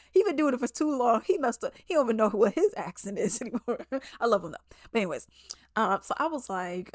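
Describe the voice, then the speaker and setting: A woman giving a casual spoken movie review, animated and quick to mimic people in quotes, laughing often. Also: on the high side, dry recording, clean studio sound.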